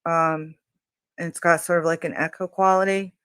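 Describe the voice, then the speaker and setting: A woman hosting a true crime channel, describing audio clips in a hesitant way with many pauses and fillers. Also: on the low side, smooth, dry recording. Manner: hesitant, many ums, slow and even.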